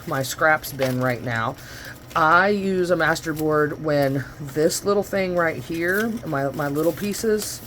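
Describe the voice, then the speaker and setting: A woman's voice: fairly low pitch, a little hiss or hum. A woman vlogger chatting her way through a crafting demo in her home studio, rambling and correcting herself as she goes, picked up by the camera's own microphone.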